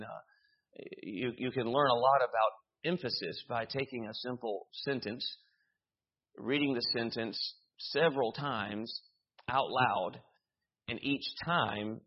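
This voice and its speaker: Casting: male preacher, husky voice, lively sermon with humor, lo-fi church recording. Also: mid-range voice, slow pace. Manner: animated preaching with humor and repetitions. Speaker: pastor. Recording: dull lo-fi sound.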